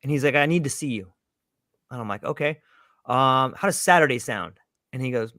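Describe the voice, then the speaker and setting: A man telling a story in a casual chat, lively and acting out the voices of the people in it. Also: mid-range voice, brisk, no room sound, clean studio sound. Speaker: panel guest telling a story.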